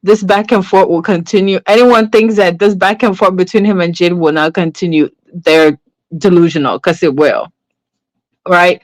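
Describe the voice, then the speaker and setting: A woman's voice: on the low side, fairly even intonation, moderate pace, no echo. A woman hosting a casual livestream, chatting about online drama, tagging lines with "right?" and greeting viewers. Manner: greets chat viewers mid-story. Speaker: livestream gossip host.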